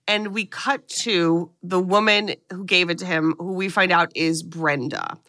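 A woman's voice: lowish voice, steady tone, a little slow, pushed and bright. A woman co-hosting a podcast, recapping a movie in casual chat and swearing freely as she tells the story.

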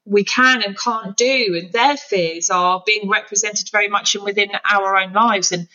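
A woman's voice: mid-range voice, fairly even intonation, moderate pace, bright, forceful tone, lo-fi sound. A woman, a podcast guest talking earnestly and candidly about her own parenting. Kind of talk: candid conversational storytelling.

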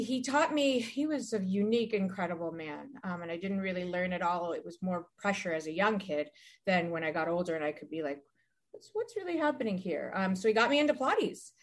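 A woman in her forties, a podcast guest chatting casually and telling rambling, animated stories with many restarts. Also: medium pitch. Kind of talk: casual chat.

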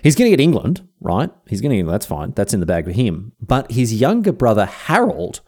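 Animated Australian man telling history. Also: mid-range voice, a little fast, breathy edge. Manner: chatty, slangy, animated storytelling. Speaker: history podcast host. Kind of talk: casual history narration.

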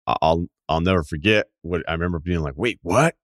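A man's voice: low voice, brisk, no echo, studio quality. A male podcast host asking questions in a loose, conversational way. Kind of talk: casual interview chat.

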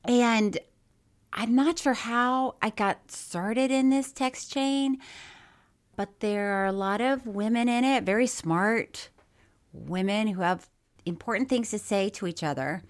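A woman co-hosting a podcast in casual chat, laughing often and talking in a playful, animated way. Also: fairly high pitch, slow. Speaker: podcast co-host.

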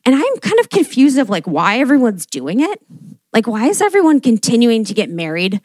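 A woman's voice: a little high, wildly swooping pitch, brisk, a little mellow, no room sound. A young adult woman doing a stand-up comedy monologue, casual and profane, peppering her talk with "like" and acting out quotes. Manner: casual, fillers of "like", frequent swearing, acts out quotes.

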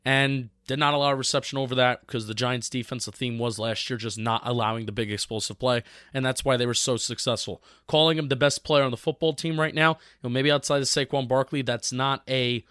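A man's voice: mid-range voice, steady tone, a little fast, hardly any pauses, a bit bright, clean tone. Young man co-hosting sports talk. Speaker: podcast co-host.

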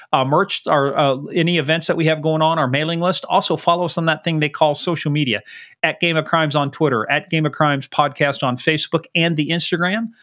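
A man co-hosting a podcast, chatting casually and running through promos in a jokey, quick patter. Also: a little high, fairly bright tone. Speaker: podcast co-host.

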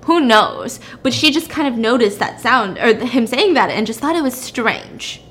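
A woman's voice: a little high, expressive, moderate pace, a bit bright. A woman recapping a story in a casual, chatty, blunt way, using "like" often.

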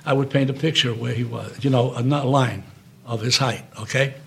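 An older man with a New York accent telling lively, salty stories as a guest in an interview, acting out quotes as he goes. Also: medium pitch, a little fast, creaky, slightly rough. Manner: animated, salty, acts out quotes. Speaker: guest actor. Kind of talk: storytelling interview. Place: private club room.

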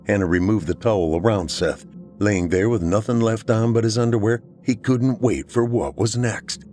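Man, horror podcast narrator, deep voice, steady reading, faint background music. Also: normal speed.

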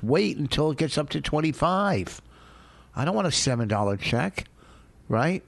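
A man's voice: a little high, sing-song, moderate pace, vocal fry, no room sound. Rambling, griping comedian man. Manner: rambling, indignant, comic griping. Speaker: comedian podcast co-host. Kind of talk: casual married-couple banter.

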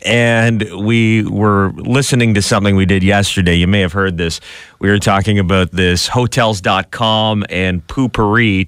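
A man with a fairly low voice hosting a podcast, chatting casually and spinning stories with jokes. The sound is dry and close. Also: a bit bright, clean tone, no room sound. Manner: storytelling, joking. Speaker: podcast host. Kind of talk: casual chat.

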